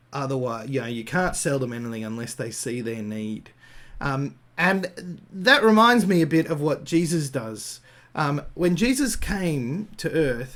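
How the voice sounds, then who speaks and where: A man's voice: mid-range voice, a bit bright. An Australian man giving an improvised Christian talk, thinking aloud with frequent fillers and restarts. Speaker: Christian speaker.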